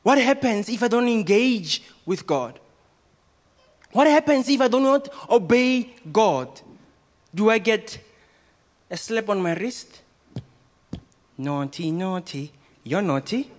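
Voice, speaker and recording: A man's voice: extremely high pitch, animated, slow, long pauses. A man, a pastor, preaching a sermon and asking the congregation rhetorical questions.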